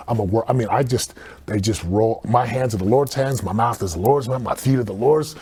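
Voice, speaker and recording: A man speaking as a podcast guest, telling stories in an earnest, animated way and acting out quotes. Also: medium pitch, brisk, slightly rough, no echo. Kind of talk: casual podcast conversation.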